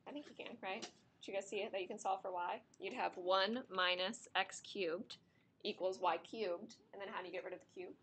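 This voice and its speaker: A woman's voice: medium pitch, fairly even intonation, moderate pace, a bit bright, a little hiss or hum. A woman teaching a math class, explaining steps to her students while she is losing her voice and it keeps cracking. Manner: talks through steps at the board, chatty with students.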